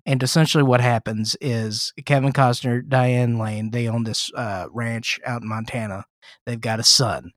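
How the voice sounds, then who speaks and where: A man's voice: mid-range voice, normal speed, no echo, clean studio sound. A man co-hosting a podcast, giving a casual, sarcastic and profane comedic recap of a film he disliked. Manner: profane, sarcastic, animated storytelling. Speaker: podcast co-host reviewing films.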